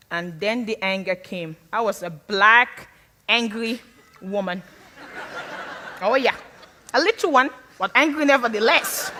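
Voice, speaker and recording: A woman's voice: fairly high pitch, long reverb tail. A woman from Sierra Leone, whose first language is not English, gives a frank, humorous stage talk as a guest speaker. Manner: frank, humorous, animated storyteller. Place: stage before a live audience.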